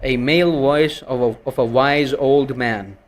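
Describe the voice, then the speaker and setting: Slow, bossy male streamer. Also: medium pitch. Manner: bossy, heckling an AI assistant. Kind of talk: casual live stream chat.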